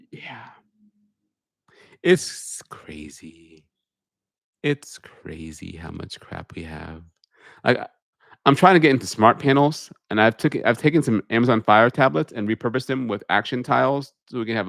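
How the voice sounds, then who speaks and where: A man speaks in his polished public speaking voice, not his everyday one. He reads viewer questions aloud and answers them plainly, as a pilot hosting a live stream from his home media room. His pitch sits in the middle range and the sound is close and dry on a studio microphone. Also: fairly bright tone, no room sound. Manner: uses a deliberate put-on public speaking voice. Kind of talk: live Q&A stream, casual chat. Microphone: studio microphone on a holder.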